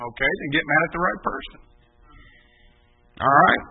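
A male preacher giving an emphatic, repetitive sermon that rises to shouts. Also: on the high side, normal speed, creaky, long pauses, slight background noise. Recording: tinny distant phone-like recording.

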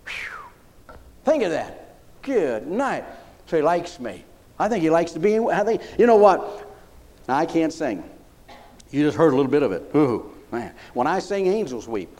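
Animated, high-voiced preacher. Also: male voice, moderate pace, long pauses. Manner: folksy, animated, asks the congregation "Huh?". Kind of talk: sermon.

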